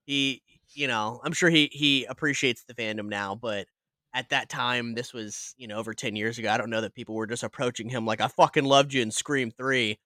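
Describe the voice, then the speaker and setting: A man's voice: mid-range voice, steady tone, a little fast, sharp tone, no echo, clean studio sound. A man co-hosting a horror podcast, telling a celebrity anecdote in casual, swearing chat. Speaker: podcast host.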